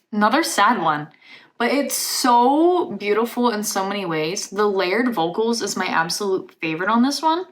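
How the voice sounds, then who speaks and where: A woman's voice: mid-range voice, a bit bright, a little hiss or hum. Brief: woman vlogger, enthusiastic album reaction, filler-heavy chatty delivery, mid-range voice. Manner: gushing, filler-heavy talk with lots of "like". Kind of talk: casual album review chat.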